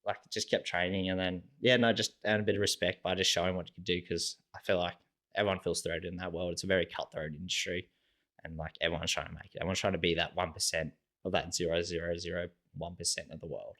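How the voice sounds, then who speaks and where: A deep-voiced young Australian man talks at a quick pace as a podcast guest. In this casual chat he tells stories and animatedly acts out dialogue, staying relaxed and using "like" in nearly every sentence.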